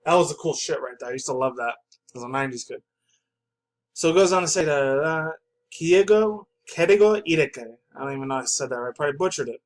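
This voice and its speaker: A man's voice: medium pitch, quick pace, poor audio. A young adult man hosting a pop culture channel, rambling through news articles in a loose, casual way with lots of fillers and swearing.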